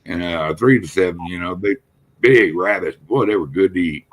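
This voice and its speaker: A man's voice: low voice, normal speed. An older man from South Texas with a South Texas accent, telling folksy hunting stories in casual chat as a live-stream host.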